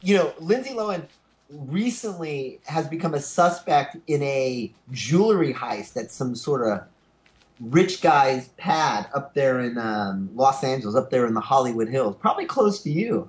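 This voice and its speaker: A man's voice: medium pitch, expressive, moderate pace. A man co-hosting a comedy news podcast, joking irreverently and laughing often. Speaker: podcast co-host. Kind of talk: casual comedic chat.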